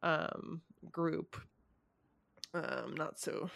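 A woman's voice: deep voice, a little slow, creaky. A young woman in a casual conversation about current events, hesitant with many ums and small laughs.

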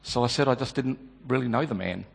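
A man's voice: medium pitch, quick pace, creaky, slightly rough. A man performing a dramatic monologue as a remorseful male disciple, stammering and repeating his words. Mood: agitated. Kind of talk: dramatic first-person monologue. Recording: long hall reverb.

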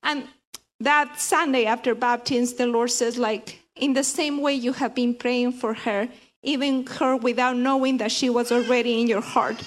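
A woman sharing a heartfelt personal faith testimony in a church group, earnest and halting, with frequent restarts. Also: a little high, steady tone.

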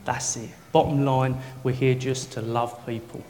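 A man preaching a sermon in a church, swinging from jokey banter to soft, intimate prayer. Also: medium pitch, little pitch movement, measured pace, a little hiss or hum. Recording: long hall reverb, faint ambience.

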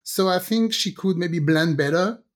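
A woman's voice: on the low side, a little slow. A woman in her fifties with a French accent, co-hosting a casual podcast chat and laughing often. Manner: animated, laughs often, acts out quotes. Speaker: podcast co-host.

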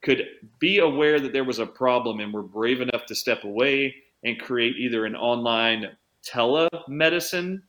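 A man who works as a chiropractor, telling an animated story as an interview guest, changing his pace for emphasis. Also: mid-range voice. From United States. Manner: animated anecdote-teller, speeds up and slows down for emphasis. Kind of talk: conversational storytelling.

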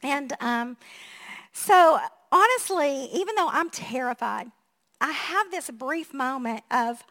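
A woman pastor in her fifties, preaching a sermon in a chatty, animated storytelling way, laughing often and acting out what people said. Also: high voice, slow pace.

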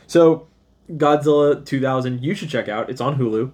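Man, 30s, podcast co-host; loose rambling chat, average pitch, frequent laughs. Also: moderate pace, darkish tone. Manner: rambling, laughs often, does goofy voices when retelling scenes. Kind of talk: casual chat.

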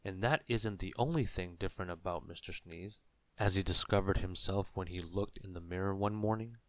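A man reading a children's story aloud in a gentle, measured way. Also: sits low, no room sound.

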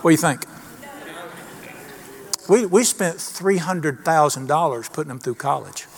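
A man's voice: fairly high pitch, lively intonation, measured pace. A middle-aged man preaching a sermon in a folksy, emphatic way, asking the congregation questions. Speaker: pastor.

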